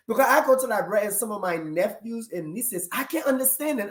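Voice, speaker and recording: Enthusiastic woman host, middle pitch, roomy echo on her call audio. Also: expressive, a little fast. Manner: enthusiastic, talks straight to viewers. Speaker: talk show host. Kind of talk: casual interview chat. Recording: echoey room.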